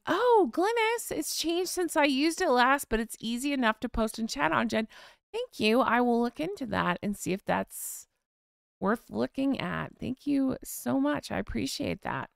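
An American woman hosts a live stream chat, casually reading viewer comments and sighing with vocal eye rolls. Her voice is on the high side and gravelly, recorded with studio quality and no echo.

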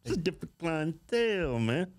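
High, lively-voiced man telling stories. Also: moderate pace. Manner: animated, laughing, profane storyteller. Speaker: co-host. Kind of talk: casual commentary and storytelling.

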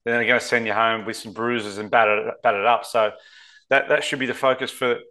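A man's voice: mid-range voice, steady tone, a little fast, sharp tone. An Australian man co-hosting a sports betting podcast, talking casually and rambling, saying mate a lot. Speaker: co-host.

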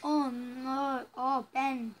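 A young woman chatting through a story game, reacting loudly and with dismay to what happens on screen. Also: high-pitched, flat delivery, drawn-out words, slight background noise. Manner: chatty and reactive, frequent loud dismayed outbursts. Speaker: gamer playing a story game. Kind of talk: let's play commentary.

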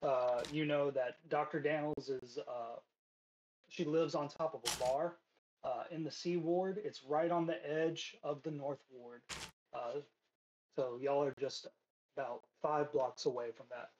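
A man's voice: medium pitch, darkish tone, slight background noise. A man narrating as game master in a tabletop game, casual and full of fillers, a bit out of breath. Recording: dull lo-fi stream mic.

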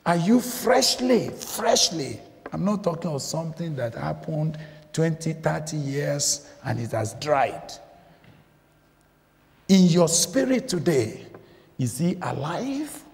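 A male preacher delivers a sermon at an unhurried pace, his voice swinging widely in pitch with a gravelly edge. He presses his points by asking the congregation questions and repeating key phrases. The recording carries the long reverb of a church. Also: lively intonation, a little mellow. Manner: emphatic, repeats phrases, asks the listeners questions. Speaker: guest preacher.

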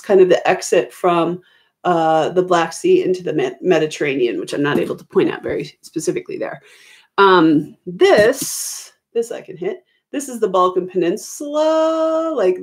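A middle-aged woman talks through a history exam review at home in a slightly low voice. She explains casually, stopping to correct herself and filling gaps with ums. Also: lively intonation, normal speed. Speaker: history teacher. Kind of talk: recorded exam review lesson. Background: children arguing in the background.

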